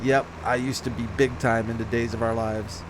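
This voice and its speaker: Over a noisy background, a gaming channel host gives casual let's-play commentary on his farming game, rambling and correcting himself. His mid-range voice is flat and moderately paced, broken by slight hiccups.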